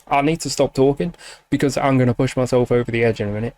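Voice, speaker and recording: A man's voice: medium pitch, quick pace, darkish tone. Gushing, emotional man reacting. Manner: emotional, gushing, swears freely, many fillers. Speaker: music reaction channel host. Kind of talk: casual reaction commentary.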